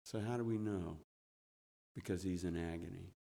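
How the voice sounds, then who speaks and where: Middle-aged preacher in a reverberant church. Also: male voice, sits low, normal speed, creaky. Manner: earnest storytelling, swelling with excitement. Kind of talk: sermon with personal anecdotes. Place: church sanctuary. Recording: long church hall reverb.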